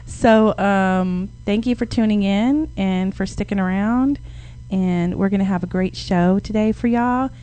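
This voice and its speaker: A woman's voice: mid-range voice, measured pace, dark tone, clear, resonant tone. A woman co-hosting an internet radio show, speaking casually and upbeat, cheering her guests on. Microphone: studio microphone.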